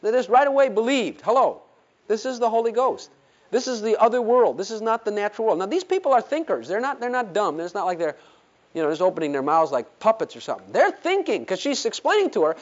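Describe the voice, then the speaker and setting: A man preaching a sermon, animated and full of rhetorical questions, acting out the Bible quotes he reads. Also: high-pitched, fast talker. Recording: dull lo-fi sermon recording.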